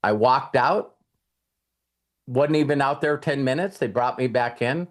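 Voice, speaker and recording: A man's voice: medium pitch, unhurried. A middle-aged man, host of a coaching show, telling a personal story in a casual motivational talk and acting out his younger self's words. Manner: storytelling, acts out his younger self in quotes.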